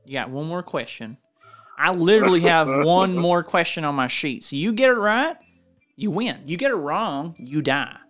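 A man playing a loud, excitable radio game show host in an improvised comedy sketch. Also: fairly high pitch, normal speed, faint music behind. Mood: hyped. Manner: yelling, hammy announcer delivery.

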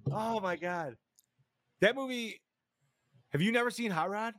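A man hosting a casual movie-review podcast, excitable, swearing often and saying dude a lot. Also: high-pitched, a little slow, no echo, studio quality. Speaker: podcast host.

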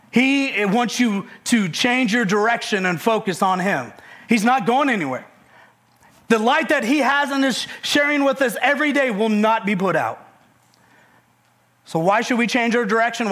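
A man's voice: high voice, a bit bright. A man preaching a conversational sermon, emphatic, repeating key phrases and dropping folksy humorous asides. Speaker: pastor.

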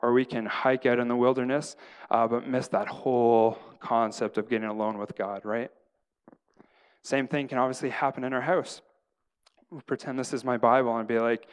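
A man's voice: medium pitch, normal speed, smooth. A middle-aged man giving a casual sermon, acting out stories of his own prayers and often tagging sentences with "right?". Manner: animated storyteller, acts out his own prayers, tags lines with "right?". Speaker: pastor.

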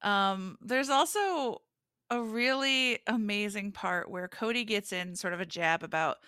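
Bright, playful woman co-host for a casual podcast chat, dry close sound. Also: medium pitch, clean tone, no echo. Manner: playful, jokey, quick to laugh.

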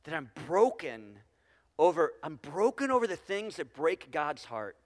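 A pastor preaches to his congregation in a church sanctuary, talking conversationally with restarts and lots of tag questions. His voice is fairly high, very animated and unhurried, and the recording carries church hall reverb.

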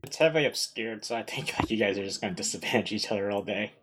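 Fast-talking player arguing rules. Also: male voice, fairly low pitch, very noisy. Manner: argues rule details quickly. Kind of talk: tabletop game play.

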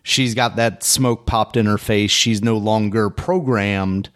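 A man's voice: lowish voice, fairly even intonation, slow. A man co-hosting a podcast, chatting casually and hedging his points with fillers. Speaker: podcast co-host. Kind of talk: casual chat.

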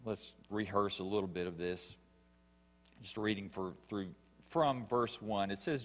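Male pastor, sermon, low voice, emphatic, long hall reverb, faint hum. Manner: earnest, emphatic preaching with pauses and rising stress.

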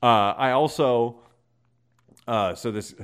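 A man in casual podcast chat, spinning a rowdy story full of swearing. His voice sits at an ordinary middle pitch. He talks freely and with energy, like a regular on the show. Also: takes it slowly. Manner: animated, profane storytelling. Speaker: podcast co-host.

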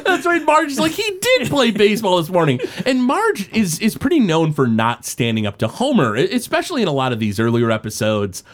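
A man's voice: a little high, wildly swooping pitch, brisk, few pauses. A man chatting casually as a podcast co-host, rambling through an episode recap with many filler words and frequent laughter.

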